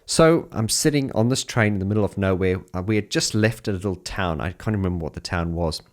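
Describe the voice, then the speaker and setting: An Englishman with a very low voice tells a story from his touring life. He talks in a chatty, animated way, with quick restarts and bursts of laughter. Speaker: keyboard player. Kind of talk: telling an anecdote.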